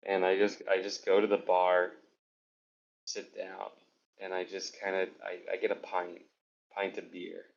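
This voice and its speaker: A man playing a tabletop game, describing his actions in a halting, rambling way. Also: deep voice, monotone, vocal fry. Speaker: player. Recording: dull lo-fi re-recording.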